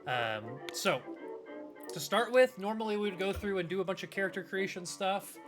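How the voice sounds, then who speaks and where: A man's voice: high-pitched, animated, moderate pace. A man in a chatty, loose way explaining the rules as game master of a tabletop game, with lots of fillers. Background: background music.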